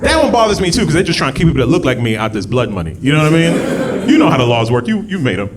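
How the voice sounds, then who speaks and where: A man doing a stand-up comedy set on a club stage, jumping from low muttered asides to loud, high shouted bits. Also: big pitch swings, racing, crowd noise. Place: comedy club stage before a live audience. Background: audience laughter.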